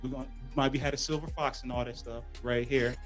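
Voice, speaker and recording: A man's voice: mid-range voice, fairly even intonation, soft background music. A man on a discussion panel, arguing earnestly and citing figures. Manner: quick, earnest, argues with statistics. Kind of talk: panel debate.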